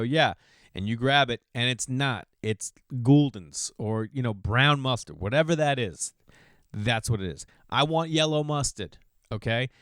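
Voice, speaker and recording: A man in his thirties hosting a podcast, rambling through casual opinions with sudden jumps in pitch. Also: dry recording, clean studio sound. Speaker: podcast host. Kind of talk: casual monologue.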